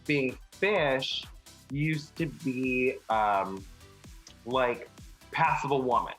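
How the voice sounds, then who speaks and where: A man's voice: mid-range voice, extremely slow, a bit bright, slightly rough, faint music behind, rough recording. A man who performs in drag, talking playfully and sassily in an interview. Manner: playful, sassy. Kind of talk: documentary interview.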